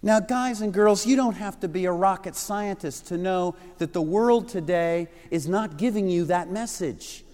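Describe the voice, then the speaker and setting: A man's voice: high-pitched, normal speed, few pauses, a little mellow, long reverb tail. A middle-aged man preaching an earnest, emphatic sermon to young listeners, repeating key phrases. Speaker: pastor. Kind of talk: sermon to children and youth.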